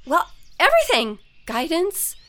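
امرأة تؤدي دور أم مشتتة تعتذر لابنتيها، تتكلم بثرثرة متلهفة وهي تلهث في دراما صوتية. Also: female voice, very high voice, huge pitch swings, a little slow, sharp tone, heavily acted. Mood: earnest. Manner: rambling, eager, self-deprecating. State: out of breath. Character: scattered, apologetic mother of two teen girls. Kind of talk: audio drama acting.

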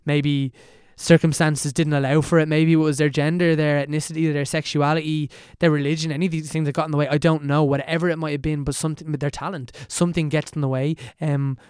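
Young Irish man, twenties, rapid self-deprecating podcast chat, a touch higher voice. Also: little pitch movement, a little mellow, smooth, no echo, studio quality. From Ireland. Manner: quick, self-deprecating, rambling with fillers. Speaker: podcast guest answering questions.

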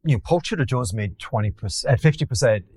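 A man with a Scottish accent tells war stories in an animated, theatrical way, acting out other people's lines and poking fun at himself. His voice rises and falls widely as he talks. The sound is dry and close to the mic. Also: mid-range voice, quick pace, husky, no room sound. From Glasgow, Scotland. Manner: theatrical, acts out quotes, self-mocking. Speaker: podcast guest, former hedge fund manager. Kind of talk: animated anecdotal storytelling.

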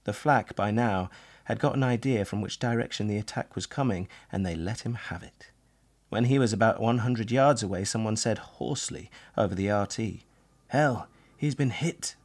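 A man giving a measured, vivid first-person reading of a memoir as narrator. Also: lowish voice, gravelly, darkish tone.

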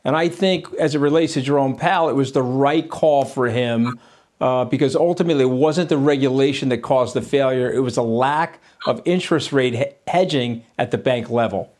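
Male CEO panel guest, mid-pitched, measured explanation with some repeats. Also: a little mellow. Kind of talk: news panel discussion.

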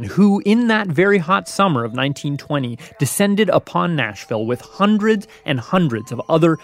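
A man hosting a podcast, narrating a story clearly. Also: a little high.

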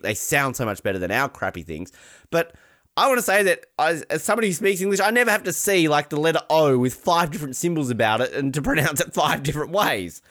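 A man's voice: medium pitch, fairly bright tone, no echo, studio quality. A man hosting a podcast in casual comedic chat, rambling and joking with frequent laughter. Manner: rambling, jokey, laughs often, breaks into silly voices. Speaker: podcast host.

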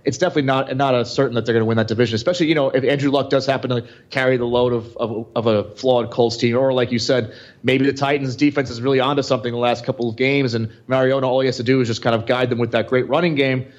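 A man's voice: mid-range voice, steady tone, fast talker. A man co-hosting a fantasy football podcast, rambling with many restarts. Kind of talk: casual sports chat. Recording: slightly muffled audio.

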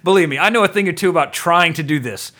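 A man's voice: a little high, fast, a bit bright. A man hosting a podcast, chatting casually about an old film, rambling with lots of fillers and frequent chuckles. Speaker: podcast host. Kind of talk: casual film-review chat.

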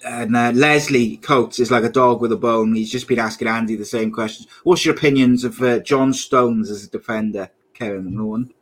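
A man hosting a podcast, running through a quick intro and then reading out viewer comments in casual chat. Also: mid-range voice, fairly even intonation. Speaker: podcast host.

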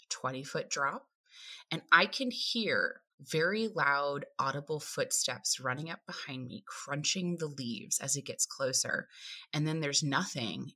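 A woman's voice: deep voice, bright, forceful tone. A woman with an Appalachian accent, a podcast guest telling a personal story vividly and acting out her own inner voice.

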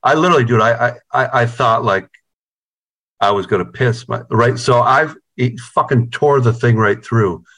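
A man's voice: mid-range voice, normal speed, fairly bright tone. A middle-aged man from New York, a band's guitarist, telling rambling, profane stories in casual chat over a video call. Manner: profane, rambling, repeats words. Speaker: guitarist in a band, interviewee.

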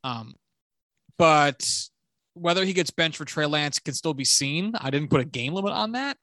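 A man's voice: fairly high pitch, expressive, normal speed, sharp tone, no echo, studio quality. A man co-hosting a casual sports podcast, chatty and self-deprecating, with joking trash talk. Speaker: podcast co-host.

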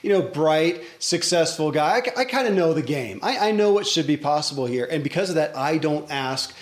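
A man's voice: a little high, lively intonation, normal speed. A middle-aged man hosting a podcast interview, reflecting aloud as he works through an idea. His voice sits a little above the usual for a man. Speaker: podcast host.

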